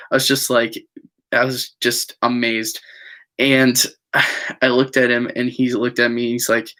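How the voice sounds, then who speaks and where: A man's voice: medium pitch, fairly even intonation, normal speed, fairly bright tone. A young man casually recounting a falling-out with friends to his viewers, rambling with lots of fillers and repetition. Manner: rambling, frequent fillers and repeats. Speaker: vlogger. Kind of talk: casual storytelling to camera.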